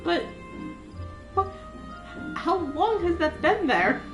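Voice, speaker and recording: A woman's voice: very high-pitched, sing-song, slow, a bit bright, faint music behind. A woman chatting casually while playing a game on stream, rambling and giggling as she goes. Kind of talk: casual chat while gaming.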